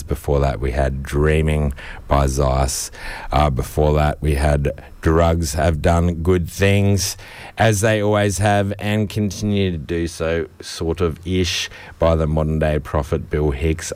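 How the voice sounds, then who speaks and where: An Australian man hosting a casual radio show, back-announcing tracks in a rambling way, clearing his throat often. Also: sits low, a little mellow, no room sound. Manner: slow, rambling, frequent ums and throat clearing. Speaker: radio host. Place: radio studio. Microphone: studio microphone.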